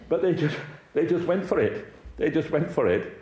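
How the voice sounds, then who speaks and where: A man's voice: on the high side, animated, takes it slowly, a little mellow. A middle-aged man from Wales preaching a sermon in a conversational, anecdotal way, with chuckles and acted-out quotes. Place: church hall. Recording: echoey church room.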